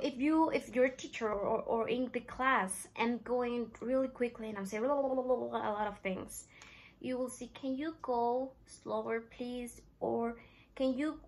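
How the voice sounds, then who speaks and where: Slow, careful woman teacher. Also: a little high, rough recording. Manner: slow, repeats phrases carefully for learners. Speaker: English teacher. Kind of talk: classroom language lesson.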